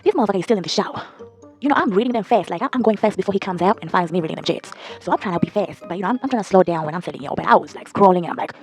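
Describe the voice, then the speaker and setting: A young woman telling a storytime to her viewers in a blunt, profane, animated gossiping way. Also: mid-range voice, racing, soft background music. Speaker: storytime vlogger. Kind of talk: casual storytime chat.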